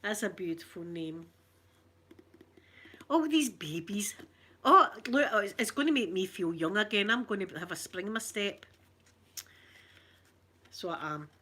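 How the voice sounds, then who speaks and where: A middle-aged Scottish ASMR streamer chats casually during a live stream, telling rambling stories and reading out viewer comments. Her voice sits on the low side, with a bright, forceful tone.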